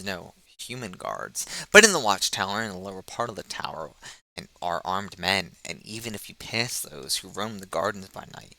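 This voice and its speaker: A man voicing a fat, gross, boastful kidnapper rogue in a loud, blustering manner in an audiobook. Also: low voice, no echo, heavily acted, poor audio. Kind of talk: audiobook character reading.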